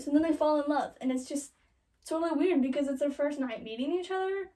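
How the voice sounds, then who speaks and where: A young woman casually retelling a classic love story as a joke, with sarcastic asides and quick quoted voices. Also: high voice, dark tone, recorded from a distance, low-quality recording. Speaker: comedic storyteller. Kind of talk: joking retelling of a classic play.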